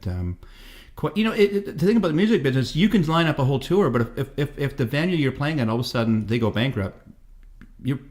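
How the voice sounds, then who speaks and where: A man's voice: medium pitch, a little mellow. A man in his fifties, a guest musician in a casual interview, telling rambling stories and swearing freely. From Canada. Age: 50s. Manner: profane, rambling storyteller.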